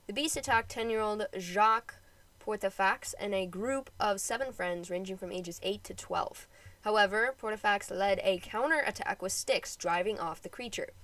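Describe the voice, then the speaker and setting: A woman hosting a history podcast, reading her script and breaking off for quick, jokey casual asides. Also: mid-range voice, a bit bright, poor audio. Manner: chatty, jokey asides between read passages. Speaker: podcast host.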